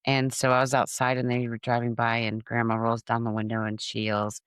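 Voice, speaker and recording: A woman's voice: rumbling low, brisk, few pauses, clear, resonant tone, no echo. Dry, close-miked middle-aged woman telling funny stories. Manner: animated, laughing at her own stories. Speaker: podcast host. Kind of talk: humorous family storytelling.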